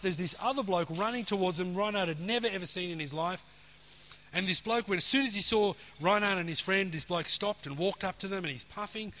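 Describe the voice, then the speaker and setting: A man's voice: sits high, bright, forceful tone. A man preaching a sermon, telling a story with quoted dialogue and building emphasis. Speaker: pastor.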